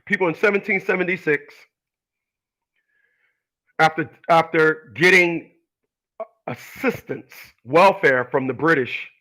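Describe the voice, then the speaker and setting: A man's voice: a little high, a little slow, long pauses, sharp tone, low-quality recording. A man hosting his own channel, talking in a rambling, preachy and confrontational monologue full of restarts. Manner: rambling, repeats and restarts, argues with imagined people. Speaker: channel host giving opinions. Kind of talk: casual monologue.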